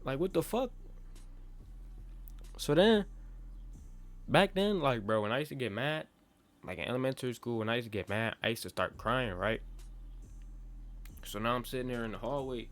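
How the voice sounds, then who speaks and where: A man's voice: mid-range voice, lively intonation, moderate pace, pauses often, a bit bright. Young man telling a slangy story. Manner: slangy, profane, keeps checking in with the listener; talks in loose run-on bursts with many restarts. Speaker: vlogger. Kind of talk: casual storytime monologue.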